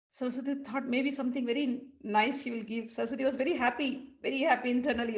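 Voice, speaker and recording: A woman telling a devotional story in an animated, vivid way. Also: fairly high pitch, quick pace, hardly any pauses. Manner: animated, vivid retelling with restarts. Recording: dull lo-fi recording.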